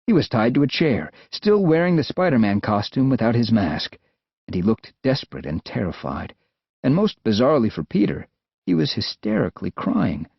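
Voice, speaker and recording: A man with an American accent narrating an adventure audiobook in a lively, expressive way. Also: medium pitch, moderate pace, creaky, husky, no echo. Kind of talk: scripted narration. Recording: dull, dry studio sound.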